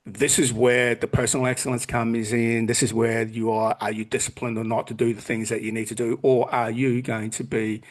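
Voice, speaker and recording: This podcast guest, a man in his forties, speaks at normal speed in a flat, medium-pitched voice with barely any pauses. His casual talk is blunt and loaded with profanity, and he performs other people's quotes as he tells them.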